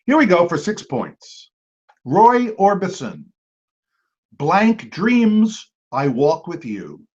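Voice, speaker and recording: Quiz host, male, slightly high voice, chatty, repeats clues, dull lo-fi audio. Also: huge pitch swings, husky. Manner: chatty, repeats each clue, quick asides and apologies. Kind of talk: reading trivia questions and chatting with teams. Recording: dull lo-fi recording.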